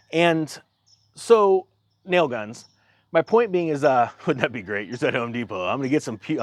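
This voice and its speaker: Casual male storyteller, fairly high voice, rambling and exasperated, close dry mic. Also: no room sound. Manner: rambling, exasperated retelling with acted-out dialogue.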